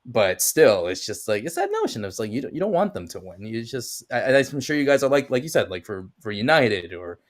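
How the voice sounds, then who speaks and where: A man's voice: mid-range voice, wildly swooping pitch, brisk, few pauses. A young man, a stream guest, chatting casually in a rambling way, full of restarts and filler words. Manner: rambling, heavy use of "like" and restarts. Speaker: podcast guest. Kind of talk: casual chat.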